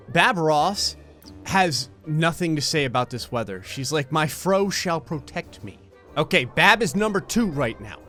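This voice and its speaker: A man's voice: on the high side, a bit bright. Sarcastic man narrating a life-sim game. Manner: sarcastic, mocking, puts on voices for the game characters. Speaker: gaming YouTuber. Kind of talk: comedic gameplay commentary.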